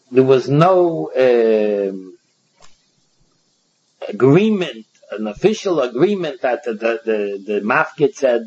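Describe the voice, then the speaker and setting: A man with a Yeshivish English accent teaching a Talmud passage aloud, reading lines and then explaining them, often halting and repeating words. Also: medium pitch, darkish tone, breathy edge. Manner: halting, repeats words and restarts, reads Aramaic then translates. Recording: dull lo-fi recording.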